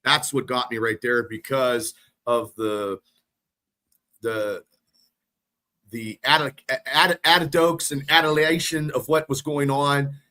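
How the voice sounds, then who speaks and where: A man co-hosting a casual sports podcast, talking in an excitable, rambling way and swearing freely. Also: mid-range voice, slow pace, long pauses. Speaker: podcast co-host.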